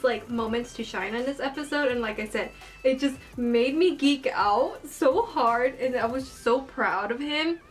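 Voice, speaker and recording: A young woman in a casual vlog, rambling excitedly about an anime episode while she does her makeup, gushing like a fan. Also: fairly high pitch. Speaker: anime review vlogger.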